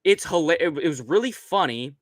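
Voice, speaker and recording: A man's voice: fairly high pitch, lively intonation, brisk, dry recording. A young man hosting a casual late-night stream, rambling and swearing with lots of fillers, seated at a computer with a desk mic. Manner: rambling, profane, many fillers. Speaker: streamer host. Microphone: desk microphone right in front.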